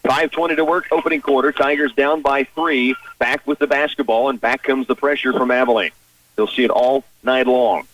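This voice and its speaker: Male radio play-by-play caller, mid-pitch, clipped rapid calls, slightly distant from the mic. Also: steady tone, a bit bright, dry recording, muffled recording. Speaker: play-by-play announcer. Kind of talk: radio basketball commentary. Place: high school gym broadcast position.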